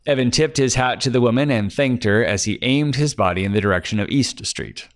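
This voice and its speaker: A man giving a steady scripted narration of a detective story. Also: mid-range voice, a little fast.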